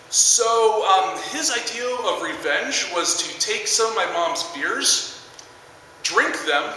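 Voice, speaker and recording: Twenties guy rambling a stand-up bit, bright voice, echoey theater, kinda far from the mic. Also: fairly high pitch, slight background noise. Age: 20s. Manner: rambling with many fillers. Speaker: stand-up comedian. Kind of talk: stand-up storytelling. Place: large theater stage.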